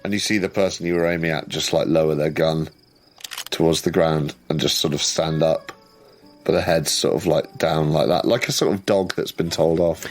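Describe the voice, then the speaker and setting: Deep-voiced male game master, casual and halting, over faint music. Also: steady tone. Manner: casual, hesitant, many restarts and fillers. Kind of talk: narrating a tabletop horror game.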